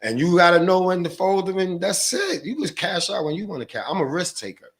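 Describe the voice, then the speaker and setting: A man's voice: sits high, lively intonation, fairly quick, fairly bright tone. A man guest on a podcast, a stock trader, talking in a slangy, profane, rambling way. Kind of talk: casual podcast chat.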